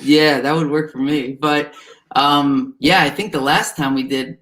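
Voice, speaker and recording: A man from New Jersey, a recruiter appearing as a guest, chatting in a relaxed, easygoing way over a video call. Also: on the high side, a little slow. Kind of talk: casual interview chat.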